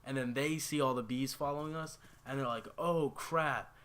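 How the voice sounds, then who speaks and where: A man's voice: medium pitch, a little fast, smooth. A young man casually telling a personal story to his viewers, rambling with lots of fillers. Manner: rambling, filler-heavy, animated retelling. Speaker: YouTuber.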